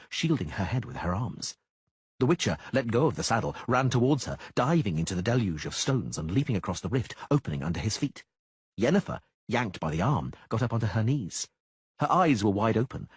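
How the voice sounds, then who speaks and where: A man narrating an audiobook in a dramatic, lively reading style. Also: lowish voice, husky, no room sound. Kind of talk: scripted narration.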